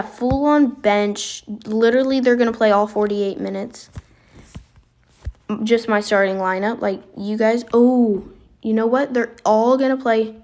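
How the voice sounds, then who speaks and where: Slow-talking excitable woman gamer. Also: a little high. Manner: excitable, chatty, reacting aloud to the game. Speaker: gaming video creator. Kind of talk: casual gameplay commentary.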